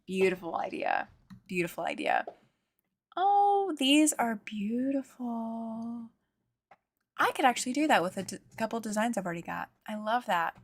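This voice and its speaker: A woman's voice: medium pitch, no room sound. A woman hosting a live show-and-tell stream, gushing over viewers' sewing and embroidery and reading out their comments. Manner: gushing, exclaims often over viewers' work. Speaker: host. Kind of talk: livestream show-and-tell chat.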